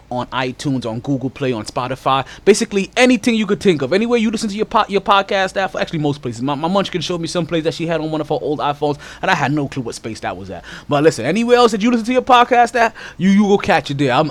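A man hosting a casual sports podcast, slightly out of breath, talking loosely and animatedly with lots of shout-outs. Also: on the high side. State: a little out of breath. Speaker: podcast host.

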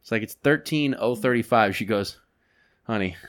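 Male podcast co-host, casual storyteller, animated and profane, acts out his own reactions. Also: mid-range voice, a little fast.

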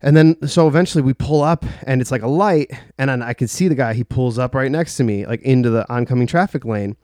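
A man's voice: mid-range voice, fast, mellow, no echo, studio quality. A young man telling a personal story in a casual, rambling way, full of filler words and swearing. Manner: rambling, heavy use of "like", profane.

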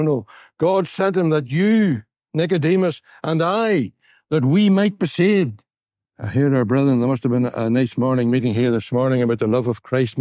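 A man's voice: mid-range voice, dark tone, dry recording, clean studio sound. Earnest Northern Irish man preaching. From Northern Ireland. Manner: earnest, repeats words for emphasis; slows down and stresses key phrases. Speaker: gospel preacher. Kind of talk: evangelistic sermon.

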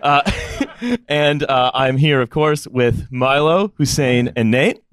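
A man's voice: medium pitch, slow, a crowd in the background. A male podcast host opening a live comedy show on stage, rambling with lots of "uh" and "um" and laughing at his own jokes. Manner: rambling, filler-heavy, laughing.

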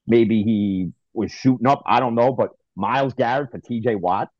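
A man's voice: mid-range voice, moderate pace, darkish tone, no room sound. A man co-hosting a sports podcast, ranting in an exasperated way in casual chat and stumbling over repeated words. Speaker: podcast co-host. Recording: dry, dull lo-fi sound.

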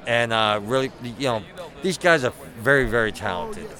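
A man's voice: mid-range voice, lively intonation, moderate pace, bright, forceful tone. Chatty middle-aged man, outdoors. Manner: chatty, self-deprecating, punny, acts out quotes. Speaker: Batman cosplayer. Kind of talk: casual interview chat.

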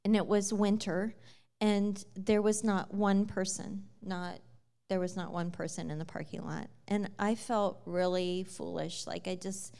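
A woman in her thirties giving a personal faith testimony, telling her story with many restarts and growing loud when excited. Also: medium pitch, a little slow, vocal fry, clean tone. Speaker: speaker sharing a faith testimony.

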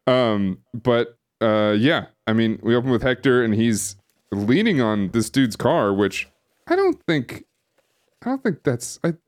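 On a streaming setup microphone, a male podcast co-host chats casually at an unhurried pace. His medium-pitched voice swings widely in pitch, and his rambling talk is full of fillers and restarts.

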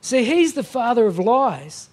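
A man's voice: extremely high pitch, big pitch swings, unhurried, husky. A middle-aged man preaching a sermon as a guest pastor, emphatic and often asking the congregation "Amen?".

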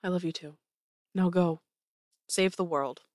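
A woman voicing a tender man who speaks softly and in a hush as he says farewell in a tabletop game. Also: lowish voice, unhurried, no echo, lightly acted. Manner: soft and hushed.

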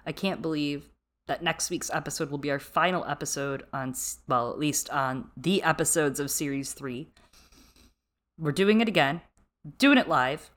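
Woman podcast co-host, low voice, emphatic casual recap chat. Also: moderate pace. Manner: emphatic, animated storytelling.

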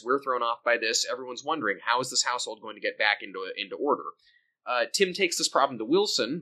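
A man's voice: mid-range voice, sharp tone, low-quality recording. A man co-hosting a podcast, recapping an old sitcom episode in a joking, rambling way. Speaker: podcast co-host. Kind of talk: casual recap chat.

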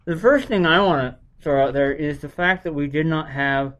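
A man's voice: fairly high pitch, normal speed, a bit bright. A man hosting a casual podcast chat, rambling and restarting as he talks through a movie. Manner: rambling, restarts, laughs at himself. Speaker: podcast host.

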